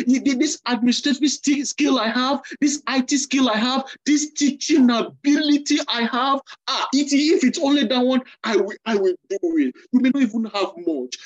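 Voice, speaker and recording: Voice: high voice, dull audio. A preacher giving a sermon, exhorting the listeners in a repetitive, emphatic way.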